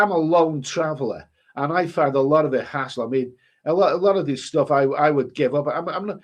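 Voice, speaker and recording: A travel vlogger with a sniffly cold chats his way through viewer comments on a live stream. His voice sits a little high for a man, and he rambles, restarting his sentences as he goes. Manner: rambling, chatty, many restarts. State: stuffy with a cold. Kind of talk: casual live-stream chat.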